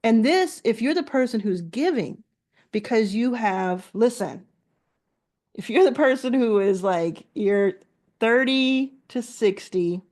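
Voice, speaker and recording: A woman's voice: fairly high pitch, lively intonation, slow pace, darkish tone. A middle-aged woman, a founder and investor, telling a candid personal story as motivational advice, with fillers and restarts.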